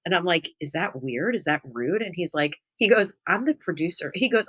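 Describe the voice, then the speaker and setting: A woman podcast host and spiritual medium telling a story in a casual, chatty way, with lots of "like" and giggles. Her voice jumps up high when she gets excited. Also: normal speed, breathy edge. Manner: chatty, giggly, heavy use of "like".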